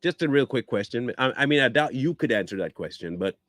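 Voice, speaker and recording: A man's voice: mid-range voice, animated, fairly quick, fairly bright tone, no room sound. A man giving combative reaction commentary, blunt and scornful, firing rhetorical questions and repeating himself for emphasis. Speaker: online commentator.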